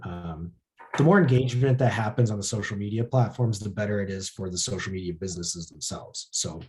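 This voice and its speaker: A man's voice: fairly low pitch, brisk, darkish tone. A man presenting a casual workshop session, talking loosely with lots of filler words. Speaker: social media workshop presenter.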